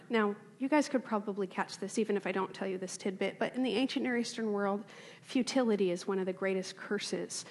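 A woman teacher giving a classroom lecture, animated, checking in with her class and reading passages aloud with emphasis. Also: medium pitch, brisk, slightly rough, big-room sound. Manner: animated, reads text aloud with emphasis, asks class for confirmation.

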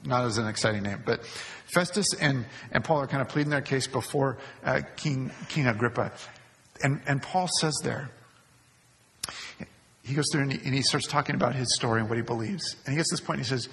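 A man's voice: mid-range voice, fairly quick, a bit bright. A male pastor preaching a sermon, repeating key phrases for emphasis. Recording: long hall reverb.

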